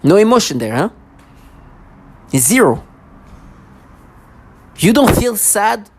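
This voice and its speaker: A woman's voice: medium pitch, big pitch swings, slow, breathy edge. A woman in a heated monologue to camera, agitated and sarcastic, stumbling over restarts as she talks. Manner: sarcastic mocking asides. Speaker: vlogger.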